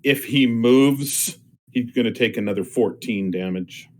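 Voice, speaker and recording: A man playing a tabletop game online, calmly spelling out his moves one step at a time. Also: mid-range voice, measured pace. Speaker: player.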